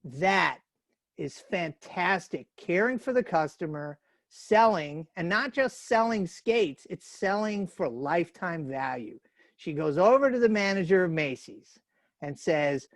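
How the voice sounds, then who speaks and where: A man from the New York area gives a casual webinar talk over a video call. His voice is fairly high for a man, and he tells folksy stories with plenty of fillers. The sound is close and dry. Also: animated, measured pace, dry recording. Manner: chatty, folksy storytelling with fillers. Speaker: webinar speaker.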